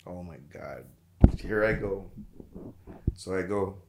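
A man telling a raunchy road story in casual podcast chat, profane and animated, acting out the people he quotes. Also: sits low, takes it slowly, creaky, reverberant, heavy background noise. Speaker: podcast guest.

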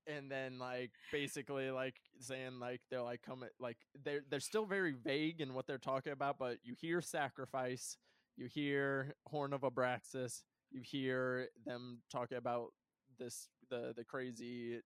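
A man's voice: mid-range voice, fairly even intonation, unhurried, clear, resonant tone, no room sound, studio quality. A man chatting casually about a film with a co-host, full of fillers and laughing often. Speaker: podcast co-host.

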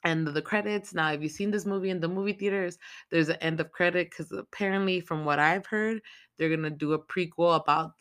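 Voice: medium pitch, a little fast, clean tone. Foul-mouthed, rambling podcast host recapping a film. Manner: heavy swearing, rambling and excitable. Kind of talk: casual movie recap.

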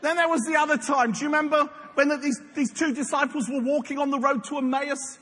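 A man preaches with playful, jokey storytelling. His voice sits high and sounds bright and pressed. A long hall reverb and faint background noise surround it. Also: fairly even intonation, fast talker. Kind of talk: sermon.

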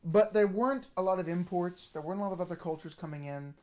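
Low-voiced woman explaining at length. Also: fast, a little mellow. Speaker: podcast co-host. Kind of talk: casual chat over beer.

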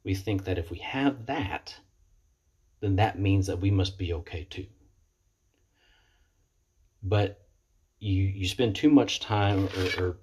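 Deep raspy guy on his webcam, earnest recovery pep talk, keeps restarting sentences. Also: a little mellow. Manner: earnest, halting, repeats words often. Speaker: person in recovery sharing experience. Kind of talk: reflective motivational monologue. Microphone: computer webcam mic.

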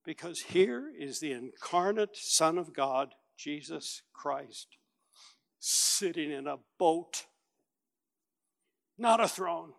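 A man preaching a sermon as a pastor, telling the story with lively acted-out voices and big swings from loud to quiet. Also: a little high, slow pace, creaky, pauses often. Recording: long reverb of a large hall.

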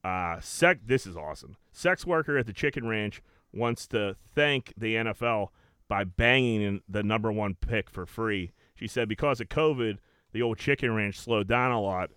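A man's voice: lowish voice, expressive, normal speed, a bit bright, clear, resonant tone, no room sound, clean studio sound. A man hosting a podcast, chatting casually and crudely, saying dude a lot. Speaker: podcast host. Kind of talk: casual banter.

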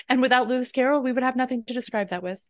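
A woman's voice: high-pitched, no room sound. A woman co-hosting a podcast, chatty and giggly, rambling through tangents in casual talk. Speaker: podcast co-host.

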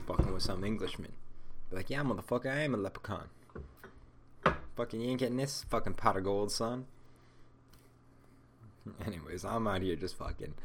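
A man hosts his podcast alone in a loose, rambling rant, stoned and swearing constantly. His voice sits fairly low. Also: fairly bright tone. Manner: rambling, heavily profane, stoned. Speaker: podcast host. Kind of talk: casual solo podcast rant.

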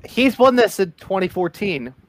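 A man co-hosting a podcast, working down a list of results in a steady, announcer-like delivery. His voice sits a little high, and faint noise hangs behind it. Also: normal speed. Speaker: podcast co-host reading news. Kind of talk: reading recap from notes.

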